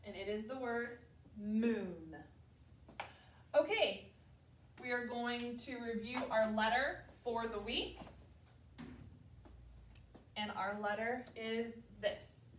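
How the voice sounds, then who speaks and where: A woman teaching preschoolers, speaking slowly and carefully, stretching out letter sounds and leading call-and-response drills. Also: on the high side, slight background noise. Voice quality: clear, exaggerated enunciation of sounds. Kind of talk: slow, deliberate classroom instruction to young children. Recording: echoey room, distant mic.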